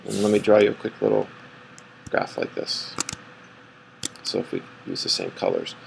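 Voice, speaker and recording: A man with a somewhat low, gravelly voice teaching a math class. He talks casually and rambles, correcting himself as he works through graphs on the board. A faint hiss of background noise sits under the recording. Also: big pitch swings, normal speed, rough recording. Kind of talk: classroom lecture.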